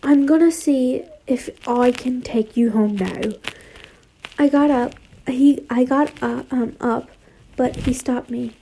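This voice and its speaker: A woman's voice: high-pitched, takes it slowly, vocal fry, warm tone, a little hiss or hum, low-quality recording. Rambling young woman reading fanfiction. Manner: rambling, self-deprecating, apologetic. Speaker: fanfiction reader. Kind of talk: reading fanfiction aloud with chatty asides.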